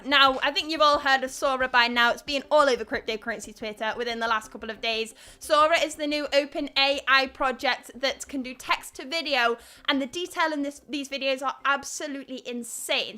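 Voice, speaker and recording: Scouse lass doing a live crypto stream, high bright voice, chatty, reads out the chat. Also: female voice. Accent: Liverpool (Scouse). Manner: chatty, reads viewer comments aloud and asks for likes. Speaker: livestream host. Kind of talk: live crypto news stream, casual commentary.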